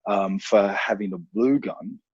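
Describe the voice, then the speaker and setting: An Australian self-defense instructor appears as a guest on a podcast, telling stories casually, rambling with fillers and swearing freely. His voice is fairly low, darkish and husky, at a measured pace, in a dry, lo-fi recording.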